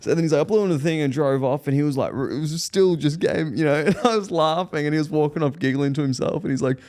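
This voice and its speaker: A young man with an Australian accent and a gravelly, fry-edged voice. He rambles through anecdotes in relaxed podcast chat, swearing freely and breaking into laughter. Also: fairly high pitch, fast talker. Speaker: podcast co-host. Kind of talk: casual comedy podcast chat.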